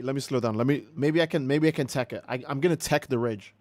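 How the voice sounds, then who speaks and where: A man hosting a game livestream, chatting casually and ranting in an animated, profane, exasperated way. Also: mid-range voice, fast, no echo. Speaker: livestream gamer host.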